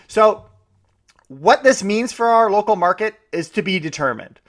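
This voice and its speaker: This is a man hosting a podcast, his voice sitting high and animated at a moderate pace. His casual commentary is chatty and eager, with lots of false starts.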